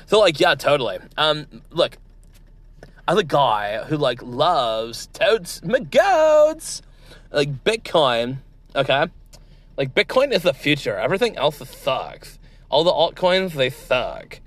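A man's voice: fairly high pitch, big pitch swings, slow. A man putting on a crude, swaggering male crypto tycoon who talks like a valley girl, full of fillers and bro slang.

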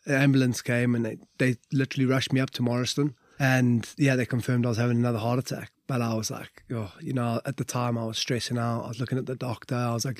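A man's voice: mid-range voice, level tone, brisk, no room sound, studio quality. A middle-aged Welsh man and former rugby player telling his story in a casual interview, chatty and full of fillers. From Wales. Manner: conversational, lots of fillers and "like".

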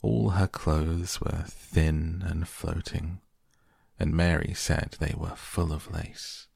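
A man narrating a classic novel as a soft, slow, hushed bedtime story reading. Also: low-pitched, creaky, husky, no room sound, studio quality. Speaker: audiobook narrator.

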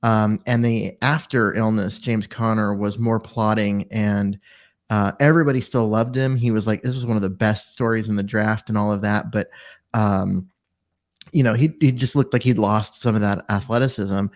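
A man co-hosts a sports podcast, chatting casually about football in a rambling way full of fillers and restarts. His voice is fairly low and fairly even in intonation, at a normal speed.

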